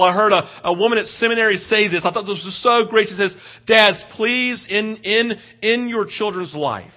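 A high-pitched man preaching from the pulpit, telling stories with real animation and bursting into shouts at the big moments. The audio is a little dull and lo-fi. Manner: animated storytelling, rising to shouts when excited. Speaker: pastor. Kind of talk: sermon.

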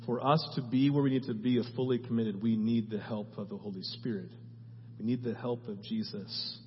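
A male pastor preaching a sermon and then praying, moving between loud, urgent exhortation and hushed, earnest prayer. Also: medium pitch, steady tone, fairly quick, slight background noise. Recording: muffled sound in a reverberant hall with faint music.

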